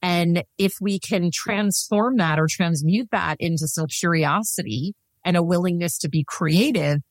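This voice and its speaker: In a podcast interview, a woman who works as a sex and intimacy coach talks at a measured pace in a fairly low voice. She's emphatic and earnest, laughs readily while staying serious, and sounds dry and close with no room sound.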